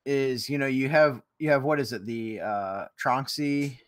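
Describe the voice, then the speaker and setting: A young man with an average-pitched voice, talking casually on a live stream. He hesitates often and restarts his sentences while he explains things. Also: measured pace. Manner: hesitant, many fillers and restarts.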